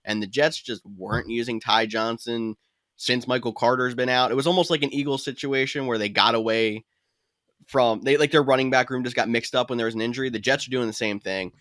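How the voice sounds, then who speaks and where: Podcast co-host, man, mid-pitched and chatty, casual advice, dry close mic. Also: fairly even intonation, fairly bright tone, no room sound. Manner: quick, chatty, laughs easily. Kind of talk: casual fantasy football chat.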